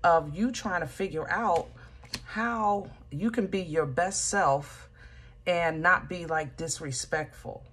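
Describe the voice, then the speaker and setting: A woman giving a casual tarot reading, animated and joking, talking straight to the listener with lots of fillers. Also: fairly low pitch, slow, breathy edge. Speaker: tarot reader.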